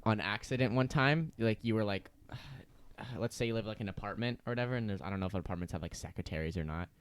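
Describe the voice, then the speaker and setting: Teen guy, deadpan halting storytelling, smooth low voice, dry. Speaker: podcast co-host. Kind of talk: casual storytelling.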